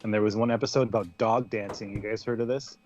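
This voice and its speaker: A man's voice: lowish voice, steady tone, fast talker, a little mellow, highs cut off, faint music behind. A man chatting casually on a podcast, telling a rambling story with lots of ums and restarts. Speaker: podcast co-host.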